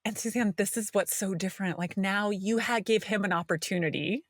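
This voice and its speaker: A woman's voice: medium pitch, fairly quick, no echo, studio quality. A woman co-hosting a podcast, telling a story in casual chat and acting out what people said. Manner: animated storytelling, acting out quoted voices. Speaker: podcast co-host.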